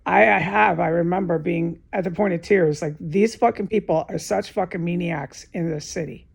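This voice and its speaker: A woman's voice: lowish voice, normal speed, creaky, slightly rough. A woman alone in a room, talking in an agitated, profane, repetitive monologue with many restarts. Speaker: vlogger giving testimony. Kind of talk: unscripted emotional monologue to camera.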